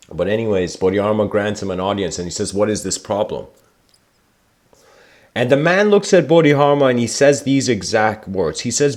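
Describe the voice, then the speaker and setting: A man giving a livestreamed spiritual talk, telling stories reflectively and slowing down for emphasis. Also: on the low side, a little mellow. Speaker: spiritual lecturer.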